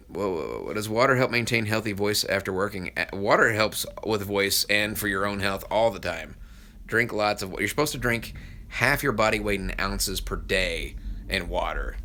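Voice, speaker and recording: A male voice actor hosts a live stream and chats loosely about viewer questions, laughing often and restarting his sentences. His voice sits a little low but has a bright, forward edge. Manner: rambling and chatty, with frequent laughs and restarts. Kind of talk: casual live-stream chat answering viewer comments.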